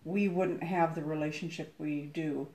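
A reflective woman chatting as a guest, with a quietly self-deprecating way of talking. Her voice is notably low, and it sounds roomy and echoey. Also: steady tone, normal speed. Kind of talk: casual conversation.

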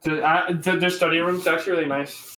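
A man's voice: on the high side, fairly even intonation, fairly quick, sharp tone, slight background noise, rough recording. A man co-hosting a podcast with friends over a call, rambling and playful. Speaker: podcast co-host. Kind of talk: casual chat among friends.

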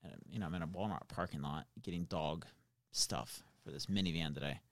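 A man telling a long story in casual, animated chat, swearing now and then. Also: very deep voice, a little fast, dry recording, studio quality.

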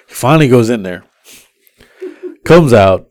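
A man's voice: medium pitch, animated, a little fast, creaky, long pauses, a little mellow, no echo, studio quality. A man hosting a podcast who tells a long story in casual, profane chat and acts out the lines of the people in it. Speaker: podcast host.

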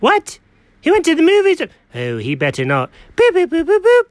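A performer voicing an excitable, chatty male house cat who frets aloud and bursts into dramatic outcries, in a one-person comedic audio story. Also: medium pitch, normal speed, dry recording. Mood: indignant. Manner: talks to himself, frets, dramatic outbursts.

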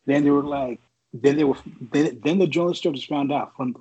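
A man from San Francisco with a husky voice tells crude stories in a loose, conversational way. He fills his speech with like and you know. The recording sounds a little dull and lo-fi. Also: a little high, a little fast, mellow. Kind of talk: casual chat, storytelling.

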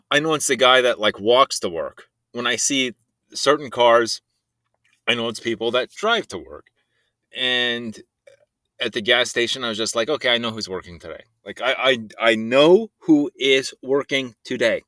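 In a voice message, a young man rambles through a story in a casual monologue, cursing freely and often laughing. His mid-range voice sounds pushed and bright, and the recording is dry.

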